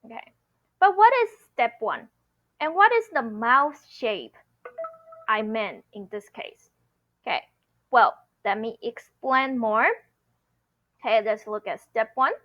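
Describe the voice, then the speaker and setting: Slow, lively woman teaching pronunciation. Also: on the high side, dull audio. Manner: patient, repeats sounds slowly, checks with "okay?". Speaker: Mandarin teacher. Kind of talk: online pronunciation lesson.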